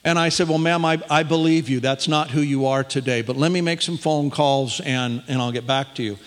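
A man preaching a sermon to a congregation, telling a personal story and then reading scripture aloud, animated and rising in pitch when excited. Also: fairly quick. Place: church hall. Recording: long hall reverb.

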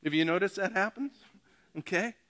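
A middle-aged man preaches in a loose, conversational way, cracking jokes and checking in with his congregation. His voice sits a little high and sounds bright and forward. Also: normal speed. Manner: joking, animated, talks to the congregation directly. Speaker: pastor. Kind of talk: casual conversational sermon.

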